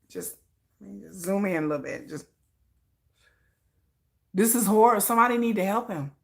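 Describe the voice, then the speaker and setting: A woman's voice: mid-range voice, unhurried. A woman hosting a comedic commentary, telling a story with acted-out screams and frequent laughter. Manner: animated storytelling, acts out shouts and screams, laughs often. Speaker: commentary host.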